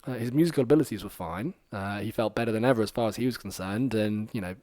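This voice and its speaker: A man's voice: fairly low pitch, fast talker, no echo. Chatty man telling a story on a podcast. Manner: rambling and animated, many fillers, acts out quoted lines. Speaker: podcast host.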